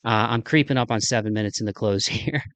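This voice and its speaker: A fast-talking podcast host with a fairly low, slightly bright voice and a Midwestern American accent gives a casual solo outro. He's rambling, enthusiastic and self-deprecating, and the recording is dry and close with no room sound.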